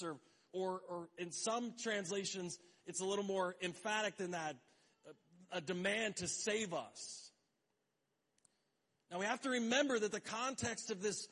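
Conversational preaching man, fairly high voice. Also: unhurried, a bit bright. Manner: conversational, joking asides, acts out quoted voices. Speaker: pastor. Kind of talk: sermon.

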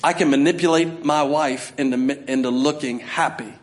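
A man's voice: fairly high pitch, fairly even intonation, normal speed. Conversational male pastor preaching a sermon. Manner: conversational preaching, acts out voices, builds to shouting.

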